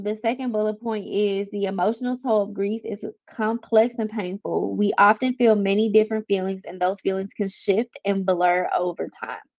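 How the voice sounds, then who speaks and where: A woman hosts a personal podcast in a candid, confiding way, now and then reading passages aloud from a book. Her voice sits at an ordinary middle pitch. The recording sounds a little dull and lo-fi. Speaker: podcast host. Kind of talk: casual personal podcast talk.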